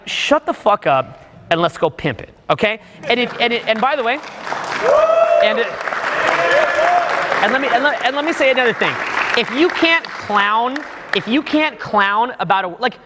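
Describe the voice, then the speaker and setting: A man's voice: high voice, big pitch swings, moderate pace, fairly bright tone, long reverb tail, a faint crowd. A man in his thirties giving emphatic, profane live commentary on video footage for a class of students. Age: 30s. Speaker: dating coach.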